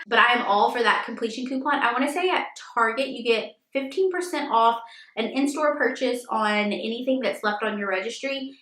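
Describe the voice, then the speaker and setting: A woman in her thirties chats through a casual question-and-answer vlog with a slightly raised pitch. Her talk is loose and rambling, peppered with "like" and "um". The room around her rings with a noticeable echo. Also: bright, forceful tone. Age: 30s. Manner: chatty, filler-heavy with frequent "like". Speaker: vlogger and first-time mom. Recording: echoey room.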